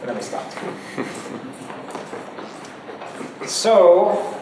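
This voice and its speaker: A man's voice: sits high, sing-song, extremely slow, heavy background noise. Chatty man teaching, echoey distant room. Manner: chatty, laughs between points. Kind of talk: casual classroom lecture.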